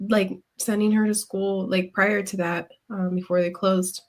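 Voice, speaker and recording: A woman's voice: mid-range voice, flat delivery, measured pace. A woman co-hosting a podcast, rambling casually with frequent laughs and the odd swear. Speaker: podcast co-host. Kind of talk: casual chat.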